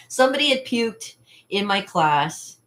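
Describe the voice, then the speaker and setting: A woman's voice: mid-range voice, a bit bright, a little hiss or hum. A woman hosting her own channel in a casual vlog, talking in a rambling, chatty way with frequent laughter. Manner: rambling and chatty, laughs often, acts out quotes. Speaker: channel host.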